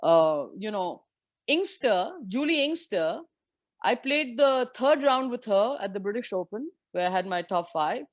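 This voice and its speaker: A woman in her forties from India, a former professional golfer, telling lively and candid stories as an interview guest. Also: mid-range voice, measured pace, no room sound, dull audio. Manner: lively, candid anecdotes with frank swearing. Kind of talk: storytelling in a conversation.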